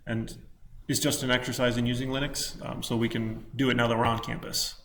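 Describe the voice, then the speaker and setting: A male college instructor giving a casual classroom lecture, relaxed and rambling with many ums while he works on his laptop. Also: mid-range voice, brisk, slight background noise.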